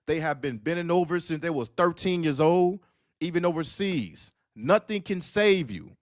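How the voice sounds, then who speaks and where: A man's voice: on the high side, animated, moderate pace, dry recording, studio quality. A man on an online talk panel, ranting in a casual, emphatic and repetitive way and acting out the voices in his stories. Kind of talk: casual commentary rant.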